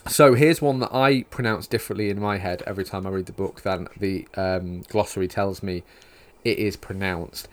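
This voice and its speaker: A man's voice: sits low, steady tone, normal speed, few pauses. A young man with a Yorkshire accent hosting a casual podcast chat, rambling with lots of fillers and teasing his guests. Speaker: podcast host.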